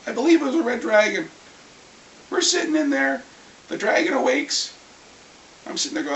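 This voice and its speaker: A vlogger getting over a cold, clearing the throat, telling a rambling, lively story about a tabletop game in a casual rant. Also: high voice, moderate pace, long pauses. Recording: echoey room, far from mic, faint hiss.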